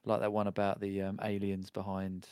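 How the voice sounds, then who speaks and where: A man's voice: low voice, monotone, normal speed, darkish tone, clean tone, dry recording, studio quality. Rambling, jokey man. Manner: rambling, jokey, trails off with fillers. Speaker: podcast co-host. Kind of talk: casual comedic chat.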